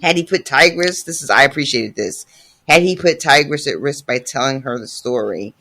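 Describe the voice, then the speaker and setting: A man hosting a casual podcast chat about a book, animated, dramatic and profane as he talks through each chapter. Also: mid-range voice, moderate pace. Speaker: podcast host.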